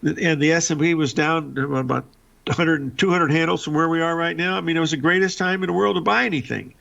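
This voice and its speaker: An older man hosts a live market program and drifts into folksy stories, repeating words as he goes. His voice is deeply gravelly and fry-heavy. The broadcast audio sounds dull and lo-fi. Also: fairly even intonation, fast talker, pushed and bright. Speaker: show host. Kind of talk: casual live market talk and storytelling.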